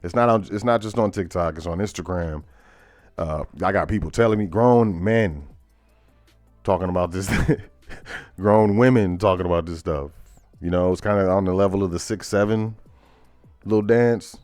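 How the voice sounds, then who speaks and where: Low-voiced male host, laughing through headlines. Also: normal speed, pauses often, darkish tone, no echo, faint music behind. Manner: laughs often, reads headlines aloud with asides. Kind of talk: casual current-events commentary.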